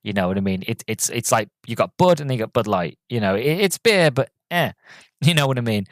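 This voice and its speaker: A man's voice: medium pitch, lively intonation, fast talker, dry recording. A man hosting a podcast, giving a casual, rambling movie review that keeps wandering off on tangents. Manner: rambling, goes off on tangents, many fillers and restarts. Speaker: podcast host.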